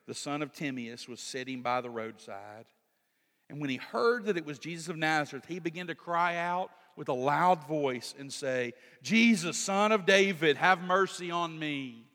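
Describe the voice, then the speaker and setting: A pastor preaching a sermon in an animated way, rising to shouts for emphasis. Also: male voice, mid-range voice. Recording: long hall reverb.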